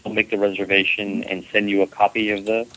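A man's voice: fairly low pitch, monotone, quick pace, a bit bright, a little hiss or hum, rough recording. A man co-hosting a live call-in show, teasing callers and giving travel advice. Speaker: podcast co-host.

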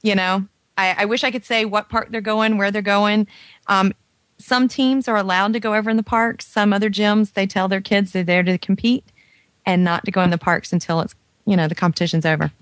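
A woman co-hosts a call-in radio show, passing along information in a chatty way, thick with fillers. Her mid-pitched voice sounds dry and close to the mic. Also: steady tone, brisk, dry recording. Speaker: radio co-host. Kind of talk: casual call-in radio chat.

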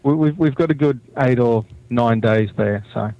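A man's voice: mid-range voice, normal speed, no echo. Male caller, dry muffled call line, friendly and chatty. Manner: friendly, repeats words while talking. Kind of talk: phone call-in chat.

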